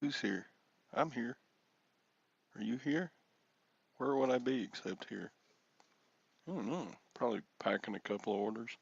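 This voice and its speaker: A man's voice: medium pitch, moderate pace, gravelly, pauses often, slightly rough, dry recording, dull audio. A man hosting a casual solo livestream, rambling and self-deprecating as he greets viewers by name. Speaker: livestream host.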